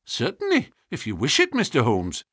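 A man reading aloud, voicing a gentle, obliging young woman in a storybook. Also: fairly high pitch, wildly swooping pitch, moderate pace, no room sound, clean studio sound, voice pushed up, heavily acted. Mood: polite.

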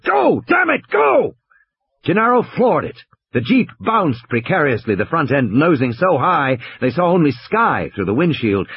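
A man narrating an audiobook thriller with expressive, dramatic storytelling. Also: a little high, husky. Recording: dry, slightly dull audiobook recording.

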